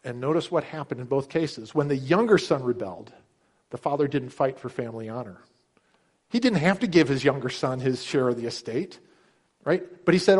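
A middle-aged male pastor delivering a sermon with a slightly higher-than-usual pitch. He speaks earnestly and emphatically, raising his voice to act out the characters' quoted words. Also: fairly quick, darkish tone.

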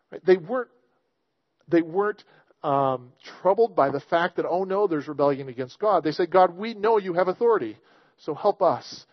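A man's voice: sits high, dry recording, lo-fi sound. Earnest man preaching a sermon. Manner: earnest, emphatic, reads scripture aloud with rising emphasis. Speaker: pastor.

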